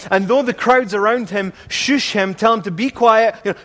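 A man's voice: high voice, measured pace, hardly any pauses, fairly bright tone, in a large hall. A man preaching a sermon as pastor, earnest and repetitive, asking the congregation rhetorical questions.

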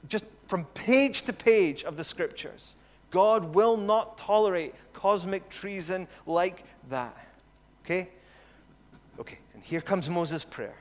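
A man preaching a sermon, earnest, slowing down and growing louder on his key points. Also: high voice. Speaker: pastor. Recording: long hall reverb.

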